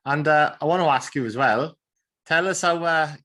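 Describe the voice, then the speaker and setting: A man's voice: fairly high pitch, normal speed, fairly bright tone. A man hosting a sport podcast, asking questions in a casual interview with short, encouraging replies. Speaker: podcast host.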